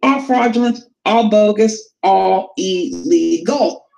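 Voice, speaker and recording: A woman co-hosting a live call-in show, speaking firmly and emphatically, in a measured way. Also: mid-range voice, vocal fry, a little mellow, low-quality recording.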